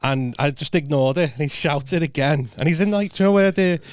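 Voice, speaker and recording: Guy comedian rambling thru a story, sweary, tripping on his words, highish voice, dead dry mic. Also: brisk, no room sound. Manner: stammering restarts, heavy swearing, laid-back. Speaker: stand-up comedian guest. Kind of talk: casual podcast storytelling.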